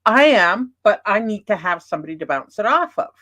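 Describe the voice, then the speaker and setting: A chatty woman hosting a livestream panel and laughing often. Her pitch swings up and down in a lively way. She talks casually with her guests. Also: brisk. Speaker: livestream host.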